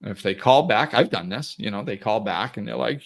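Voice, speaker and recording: A man's voice: medium pitch, animated, normal speed, vocal fry, few pauses. A man hosting a podcast, talking through a casual monologue with restarts and chuckles. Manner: acts out angry callers in a raised voice. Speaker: podcast host.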